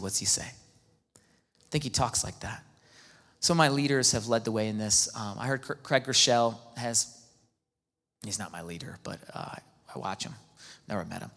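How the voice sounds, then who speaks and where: A man preaching as a pastor, excitable, swinging from hushed asides to near-shouts and acting out quoted dialogue. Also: medium pitch. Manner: acts out quoted dialogue in the talk. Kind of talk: sermon. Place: church hall. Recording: long hall reverb.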